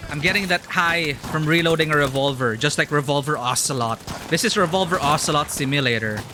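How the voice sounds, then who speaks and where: A man streaming a horror game, chatting excitedly and laughing often as he plays. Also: fairly high pitch, fairly quick, background noise. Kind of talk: live gameplay commentary.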